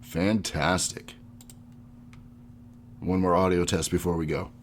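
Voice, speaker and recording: A man's voice: deep voice, level tone, takes it slowly, slight background noise. A man hosting a live-streamed podcast while sick, reading gaming history notes and chatting casually. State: sick, under the weather. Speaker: podcast host.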